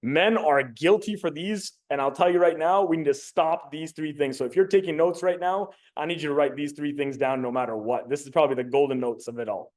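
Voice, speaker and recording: Brisk, with few pauses and a fairly high pitch, this young adult man gives a casual motivational talk as a communication coach. He swears openly and tells lively stories, performing each quote as he goes.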